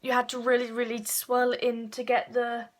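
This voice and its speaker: A woman, chatting casually through a makeup tutorial with frequent fillers and quick self-corrections. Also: a little high, monotone. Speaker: beauty vlogger.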